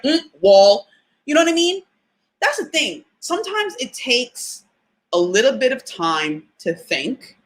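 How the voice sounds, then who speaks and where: A woman hosting a casual live talk for listeners, chatty and animated, laughing often and using fillers. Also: fairly low pitch. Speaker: podcast host.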